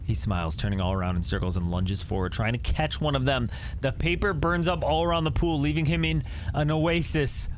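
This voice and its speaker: A man reading a text adventure aloud and breaking in with jumpy, excitable reactions. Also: on the low side, brisk, slight background noise. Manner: reads story text then reacts with jumpy, excitable commentary. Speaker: gaming YouTuber.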